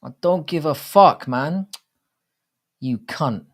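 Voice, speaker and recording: A man's voice: fairly high pitch, takes it slowly. A man in his thirties hosting a livestream watchalong, talking to chat in a blunt, profane, rambling way. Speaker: livestream host. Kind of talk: casual livestream watchalong commentary.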